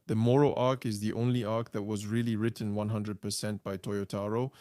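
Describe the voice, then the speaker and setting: A man's voice: lowish voice, darkish tone, clean tone, dry recording, clean studio sound. A man co-hosting a podcast in casual chat, easygoing, explaining things at length. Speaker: podcast co-host.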